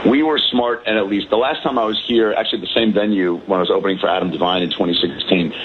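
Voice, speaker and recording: A man's voice: on the low side, fast talker, a little hiss or hum. A man, a comedian calling in from a balcony, chatting in a rambling, self-deprecating way with lots of fillers over a phone line. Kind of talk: casual chat. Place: hotel balcony.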